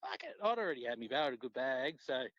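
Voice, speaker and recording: A man with an Australian accent, a podcast guest telling fishing stories in a relaxed, swearing, casual way. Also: fast talker, no room sound. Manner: laid-back, swears freely, acts out quotes with pitch jumps. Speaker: podcast guest, tournament angler. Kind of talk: casual storytelling chat. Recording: dull lo-fi dry sound.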